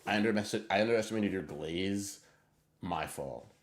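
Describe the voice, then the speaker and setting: A man streaming live, chatting casually and answering viewer messages in excitable, rambling bursts with a lot of swearing. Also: sits low, moderate pace. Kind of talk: casual livestream chat reading viewer messages.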